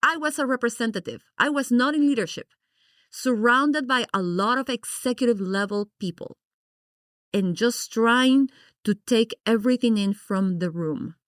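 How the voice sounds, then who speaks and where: A middle-aged woman from Guatemala, a podcast guest, telling her story in an animated, expressive way and acting out her past reactions. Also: on the high side, moderate pace, dry recording, studio quality. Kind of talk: personal storytelling in an interview.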